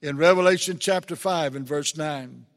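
Male preacher, somewhat high voice, earnest delivery with emphatic peaks, long hall reverb. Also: moderate pace. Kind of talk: sermon.

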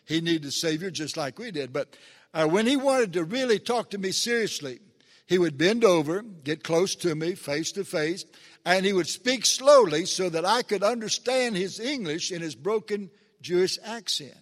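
Male preacher, somewhat high voice, earnest delivery with emphatic peaks, long hall reverb. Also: lively intonation, moderate pace. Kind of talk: sermon.

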